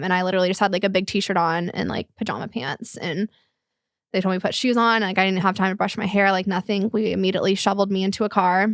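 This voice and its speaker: Young woman, podcast guest, emotional, halting, lots of fillers, dry close mic. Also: mid-range voice, no echo. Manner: candid, halting, filler-heavy, close to tears. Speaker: guest telling her life story. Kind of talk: podcast conversation.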